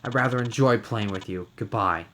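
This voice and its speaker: A man voicing a cold, mocking middle-aged killer who speaks slowly and calmly. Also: lowish voice, background noise, lightly acted. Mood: calm menace. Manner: slow, calm, mocking menace.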